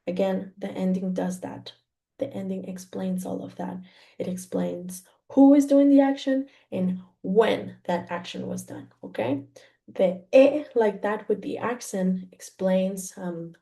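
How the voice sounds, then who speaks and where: A woman's voice: mid-range voice, measured pace, creaky, dark tone. A woman from Mexico teaching Spanish grammar to learners, patient and careful, checking in with "okay?" after each point.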